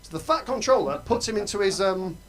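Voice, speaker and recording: A man's voice: high-pitched, lively intonation, brisk, a little hiss or hum. A man doing a stand-up set in a comedy club, talking conversationally and checking in with the audience. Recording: live club with laughing audience.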